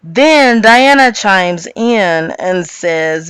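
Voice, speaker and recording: Sassy woman doing a slow gossip recap, blunt opinions, smooth voice. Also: on the low side, fairly bright tone, dry recording. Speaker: reality TV recap host. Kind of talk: casual gossip recap commentary.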